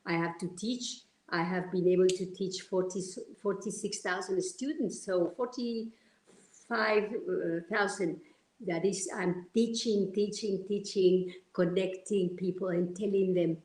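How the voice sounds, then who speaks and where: A woman from Argentina, sharing personal stories as a guest in a heartfelt, animated way. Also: mid-range voice, unhurried. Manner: heartfelt, animated, many restarts. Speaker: interview guest. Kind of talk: personal storytelling. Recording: roomy echo.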